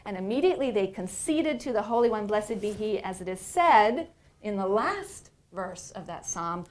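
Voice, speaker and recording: Animated, playful woman lecturer. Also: medium pitch, moderate pace. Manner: animated, playful, asks "right?" often. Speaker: university professor, lecturer. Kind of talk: lecture on religious texts.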